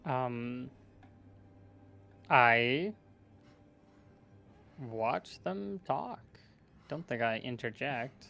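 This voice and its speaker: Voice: mid-range voice, animated, extremely slow, gravelly, long pauses, fairly bright tone. A player in a tabletop game who talks in a rambling, casual way and laughs often.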